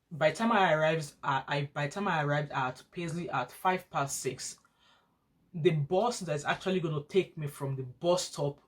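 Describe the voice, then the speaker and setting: A woman, a student nurse and mother, telling a long personal story in a casual vlog, rambling and often restarting her sentences. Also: sits low. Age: adult parent of school-age children. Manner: rambling, frequent restarts and repetition.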